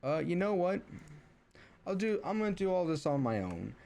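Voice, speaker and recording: A man's voice: high voice, very animated, normal speed, vocal fry, darkish tone. Rambling, exasperated young man. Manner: rambling, many false starts and fillers; exasperated, venting. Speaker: streamer. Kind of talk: casual rant storytelling.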